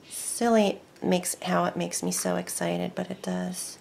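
Chatty excitable woman crafting. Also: lowish voice, a little slow, creaky, few pauses, a little hiss or hum. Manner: chatty, excitable, talks to herself while working. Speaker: craft video host. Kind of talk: casual crafting tutorial.

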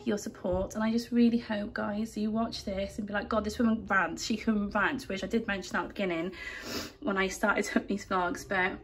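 Young woman ranting heartfelt to camera at home, bit of faint noise behind, mid pitch. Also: flat delivery, moderate pace. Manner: earnest, rambling and heartfelt, apologetic. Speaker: vlogger. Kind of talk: emotional vlog rant to camera. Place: home, indoors.

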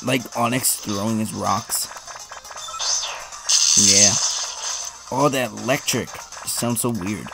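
A casual gameplay commentator, excitable and teasing, joking through the match. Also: medium pitch, takes it slowly, gravelly, pauses often. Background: game music.

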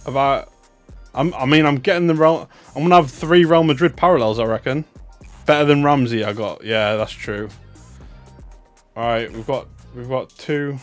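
A young man giving excitable, chatty commentary on a live stream, swinging between loud bursts of hype and muttered asides. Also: mid-range voice, moderate pace, faint music behind. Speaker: livestreamer opening trading cards.

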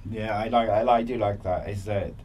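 A man's voice: lowish voice, steady tone, normal speed, recorded from a distance, highs cut off, a little hiss or hum. A man hosting a podcast, asking chatty questions full of fillers. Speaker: podcast host. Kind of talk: casual interview chat.

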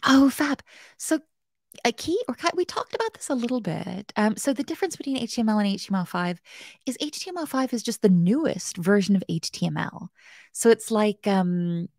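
Lively, gravelly woman hosting a coding class. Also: medium pitch, normal speed, no room sound, studio quality. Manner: chatty, playful and self-mocking; talks to chat viewers directly. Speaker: web development bootcamp host. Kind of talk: casual live-stream coding tutorial.

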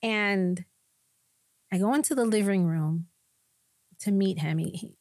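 A woman pastor sharing a personal testimony in a podcast conversation, telling it with animated storytelling. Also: medium pitch, moderate pace, no room sound, studio quality. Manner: animated storytelling, acting out quoted voices.

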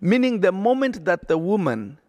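A man's voice: high voice, big pitch swings, moderate pace, a little mellow, no room sound. A man preaching on a podcast, emphatic and repetitive, often checking that listeners follow. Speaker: prophet and podcast host.

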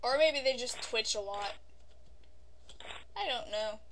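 Woman gamer chatting slow into a desk mic, high voice, noisy hiss in the recording. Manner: chatty, bursts into yelps and yelling at the game. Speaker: gaming YouTuber. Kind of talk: casual let's-play commentary. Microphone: desk microphone.

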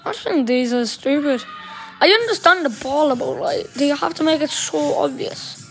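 High-voiced chatty gamer woman. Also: moderate pace, gravelly, faint music behind. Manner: rambling, chatty, mild swearing. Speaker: gaming streamer. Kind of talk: casual gameplay commentary.

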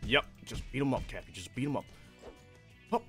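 A man streaming a boxing game, commenting live, greeting viewers and bursting into excited shouts. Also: medium pitch, quick pace, music in the background.

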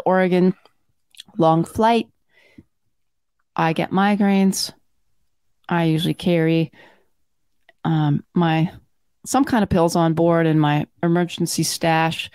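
A woman's voice: fairly low pitch, a little mellow, smooth, dry recording, clean studio sound. A woman who is a physician and podcast co-host, chatting casually and telling stories in detail with asides. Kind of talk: casual chat and storytelling.

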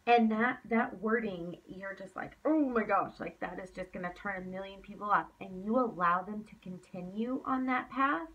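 A woman's voice: medium pitch, moderate pace, recorded from a distance, muffled recording. Emphatic woman coaching her team. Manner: emphatic, repeats herself for effect. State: tired, yawning late at night. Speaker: team leader. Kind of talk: motivational coaching talk.

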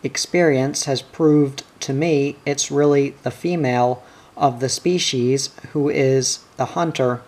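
A man's voice: mid-range voice, fairly even intonation, takes it slowly, a little mellow. Man reading as a wry old poet miner. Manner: mild, wry, sentimental. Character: old whimsical poet miner, mild and teasing.

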